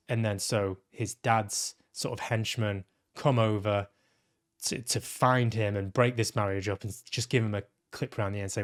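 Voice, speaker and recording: A man's voice: on the low side, fairly even intonation, moderate pace. A man giving a blunt, casual film review as a podcast host, swearing often and restarting his sentences. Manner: blunt, frequent swearing, many restarts and repeated words.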